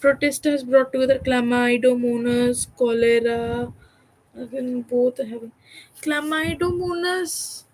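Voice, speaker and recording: A woman's voice: fairly high pitch, level tone, moderate pace, a little mellow, poor audio. A young woman, reading a textbook aloud on a study livestream and breaking off for jokey, cussing asides. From India. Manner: distracted and chatty, breaks off reading for joking, swearing asides. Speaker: student livestreamer.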